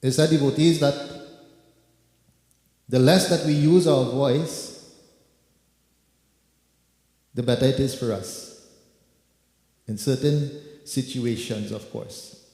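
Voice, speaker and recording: Speaking slowly with frequent pauses, a preacher leading kirtan delivers a sermon in a temple hall. His mid-range voice has a dark tone, and he addresses listeners as devotees, repeating words for emphasis. The echoey hall carries music.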